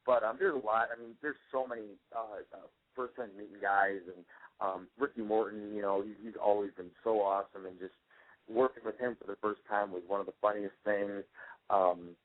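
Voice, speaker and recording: Low-voiced man on a tinny phone line. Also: fairly even intonation, moderate pace. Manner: rambling, laughing often, many fillers. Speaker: wrestler guest. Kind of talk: casual phone interview.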